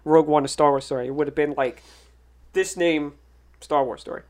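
A man with a slightly raised pitch tells behind-the-scenes stories in a loose, rambling flow. He circles back with "so" and "uh" and breaks into easy laughter between anecdotes. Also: steady tone, a little fast, darkish tone. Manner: rambling, filler-heavy, laughs often. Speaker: podcast guest, filmmaker. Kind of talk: casual chat.

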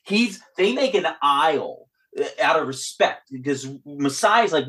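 A man's voice: a little high, measured pace, few pauses. A man hosting a podcast, animatedly talking through a film's ending in casual chat and acting out its lines. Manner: animated, acts out lines from the film. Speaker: podcast host. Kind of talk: casual film discussion.

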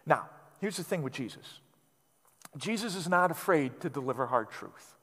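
High-voiced man preaching in a reverberant hall. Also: lively intonation, normal speed, breathy edge. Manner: emphatic and repetitive, dropping to quiet low phrase endings. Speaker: pastor. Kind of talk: sermon.

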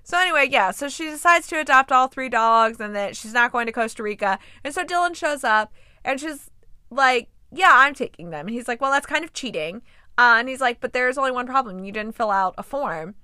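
Lively bright-voiced young woman recapping films. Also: a little high, a little fast, no room sound, clean studio sound. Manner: animated and incredulous, acting out quoted lines. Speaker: podcast host reviewing movies. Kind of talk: casual chat recapping a movie.

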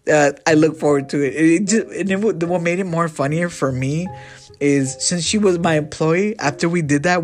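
A man casually telling a story to his viewers about his time as a manager, animated and profane, and acting out both sides of the dialogue. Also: fairly high pitch.

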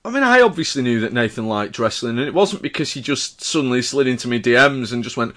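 A man's voice: medium pitch, very animated, fast talker, few pauses, sharp tone. A man in casual podcast chat, teasing his co-host and laughing easily. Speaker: podcast judge.

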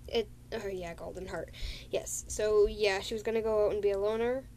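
A woman's voice: medium pitch, fairly even intonation, moderate pace, mellow, a little hiss or hum. A woman casually recapping a role-play story, rambling and giggling with many fillers.

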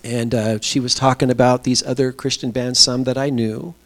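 Male pastor, mid-pitched voice, chatty storytelling sermon delivery. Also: little pitch movement. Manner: storytelling, conversational with pauses and fillers. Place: small church.

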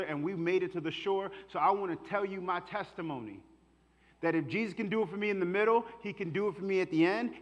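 A male pastor with a fairly high voice preaches with fervor and street-level warmth of phrase. His voice carries a long church-hall echo. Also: lo-fi sound. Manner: passionate, colloquial preaching. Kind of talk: sermon.

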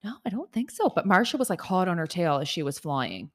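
A woman's voice: on the low side, sing-song, fairly quick. A woman co-hosting a podcast, telling a long, rambling story in casual chat and swearing freely. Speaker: podcast co-host.

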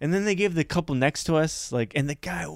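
A man's voice: fairly high pitch, brisk, no echo, studio quality. A young man co-hosting a podcast, telling a story in casual chat and acting out the voices of the people in it. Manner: animated storyteller, acts out voices of people he quotes. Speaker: podcast co-host.

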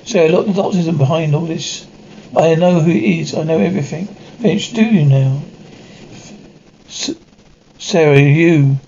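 A man's voice: fairly high pitch, normal speed, vocal fry, a little mellow. A man reading out an audio description of an episode, speaking every part himself with frequent slips and restarts. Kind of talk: reading a described episode aloud, voicing all parts plainly. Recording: dull lo-fi recording with faint noise.

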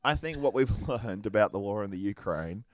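A man's voice: fairly low pitch, lively intonation, fairly quick, dry recording. An Australian man co-hosting a podcast, chatting casually, rambling, swearing freely and laughing often. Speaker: podcast co-host. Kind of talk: casual chat.

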